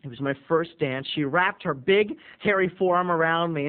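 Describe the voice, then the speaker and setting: A man telling a comic personal story to viewers in an animated way, addressing them directly. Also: on the high side, normal speed, hardly any pauses. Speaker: video blogger. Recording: tinny phone-like audio.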